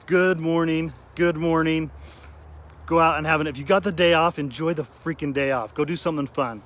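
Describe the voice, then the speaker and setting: Outdoors at a cemetery, a vlogger speaks earnestly to his audience, sometimes growing emotional and tearful in this heartfelt talk. His voice is on the high side and fairly bright, with fairly even intonation and a normal speed.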